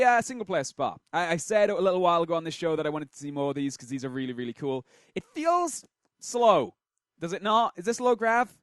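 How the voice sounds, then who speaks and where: A man's voice: a little high, a bit bright, no room sound. A man hosting a show, casually commenting on game replays and thinking aloud with fillers, close to a desk mic.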